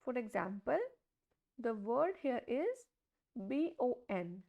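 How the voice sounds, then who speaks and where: A high-voiced woman teaches a beginners' pronunciation lesson. She speaks slowly and deliberately, repeating each example word, and her voice has a gravelly, creaky edge. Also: big pitch swings, highs cut off. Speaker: language teacher. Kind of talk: slow step-by-step pronunciation lesson.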